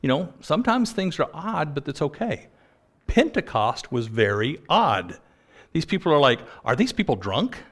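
A man's voice: a little high, big pitch swings, moderate pace. A man preaching a sermon in a conversational storytelling manner, often breaking into laughs.

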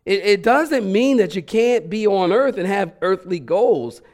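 A middle-aged man preaching a lively, conversational sermon as a guest preacher, playfully acting out voices. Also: sits high, a little slow.

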